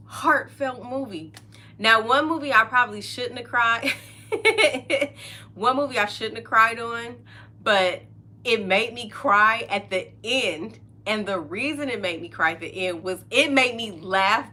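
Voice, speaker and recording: A woman's voice: on the high side, pushed and bright. A middle-aged woman hosting a podcast, chatting casually and openly, often laughing and trailing off mid-sentence. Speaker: podcast host. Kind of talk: casual chat.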